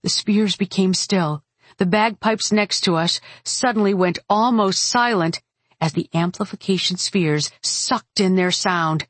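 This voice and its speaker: A woman narrating a first-person fantasy audiobook in a steady, wry manner. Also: mid-range voice, unhurried, no echo.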